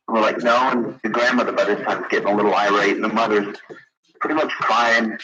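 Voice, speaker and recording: A somewhat low male voice with fairly even intonation, speaking a little fast. As a caller to a late-night radio show, he rambles through a story, restarting often and leaning on fillers, over a dull lo-fi broadcast with a crowd.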